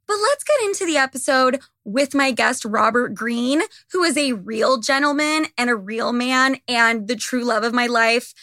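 A woman's voice: a little high, normal speed, hardly any pauses, bright, forceful tone, no room sound, studio quality. A young woman hosting a podcast, ranting candidly and swearing freely in a casual monologue, her voice a little worn. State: slightly losing her voice. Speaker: podcast host.

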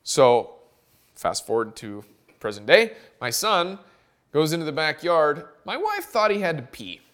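A man in his thirties, a podcast guest and golf caddie, telling a funny family story in a casual, animated way and laughing as he goes. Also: a little high, measured pace.

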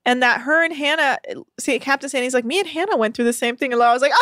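A woman's voice: high-pitched, fast, few pauses, fairly bright tone, dry recording, clean studio sound. Chatty giggly woman recapping. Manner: chatty, giggly, uses lots of "like". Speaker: podcast co-host. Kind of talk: casual chat recapping a TV show.

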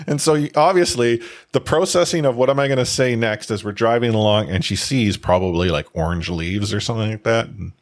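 A young man, a father, chatting casually as a podcast co-host, rambling with many halting restarts. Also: fairly low pitch. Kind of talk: casual chat.

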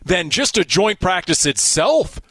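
A man's voice: high-pitched, very animated, unhurried, fairly bright tone, no room sound. A man hosting a sports podcast in casual talk, upbeat and fond of rhetorical questions. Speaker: podcast host.

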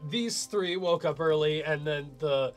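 Male game master, slightly higher voice, loose and rambling narration. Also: measured pace, soft background music. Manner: rambling, filler-heavy narration.

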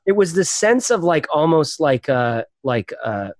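A man's voice: fairly high pitch, big pitch swings, measured pace, no room sound. A man, a podcast guest, telling a long story in casual chat, rambling with many fillers and laughs.

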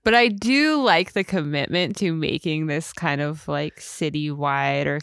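A woman's voice: sits low, measured pace, fairly bright tone, no echo, clean studio sound. A young woman co-hosting a casual recap chat, laughing often, swearing casually and acting out scenes. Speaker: podcast co-host.

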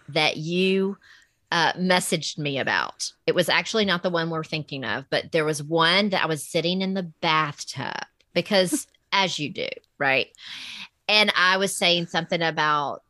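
A woman's voice: on the low side, pushed and bright, no echo. A woman podcast host with a Southern US accent, chatting with enthusiasm in an easygoing interview. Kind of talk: casual interview chat.

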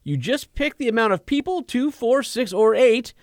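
A man's voice: very high voice, lively intonation, normal speed, no room sound, studio quality. A man co-hosting a casual car podcast, reading listener letters aloud with emphasis. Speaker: podcast co-host.

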